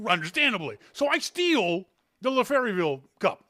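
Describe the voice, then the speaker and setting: Man from Canada, animated storyteller, dry close sound. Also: extremely high pitch, moderate pace, dry recording. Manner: animated storyteller, laughs often. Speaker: podcast host. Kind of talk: casual chat.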